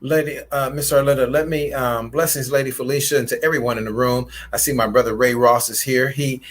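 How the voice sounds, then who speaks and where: A man hosting a late-night relationship chat who greets viewers by name and tells a Bible story in an animated, preaching style, acting out voices. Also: mid-range voice, fairly quick, slight background noise. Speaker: host, relationship coach.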